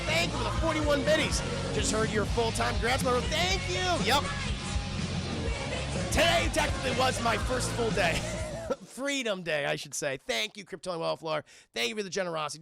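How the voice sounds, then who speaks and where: A young man casually recapping a film scene by scene for a live chat. He is animated and profane, keeps addressing the chat and thanks viewers for donations. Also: very high-pitched, gravelly. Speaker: film reviewer streaming live.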